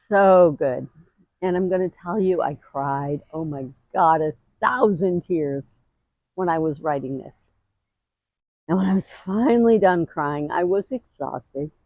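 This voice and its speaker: Middle-aged woman, earnest and emotional grief-advice host, slow unhurried delivery, dry close sound. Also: dry recording, rough recording. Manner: earnest, emotional, expressive, with sudden high bursts. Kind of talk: heartfelt talking-to-camera advice.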